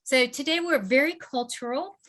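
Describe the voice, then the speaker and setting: A woman's voice: high voice, normal speed, fairly bright tone. A woman with a Southern US accent hosting a casual book club webinar, chatty and full of fillers. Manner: chatty, filler-heavy, laughing often. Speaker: host.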